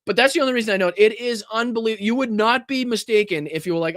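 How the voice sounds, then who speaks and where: A man's voice: high voice, fast talker, few pauses, no room sound. A Boston-accented man hosts a political podcast, talking bluntly and swearing freely, in a slightly raised voice. The sound is close and dry, recorded right at the microphone. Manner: blunt, swears often, animated reactions. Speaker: podcast host. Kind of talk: profane political commentary.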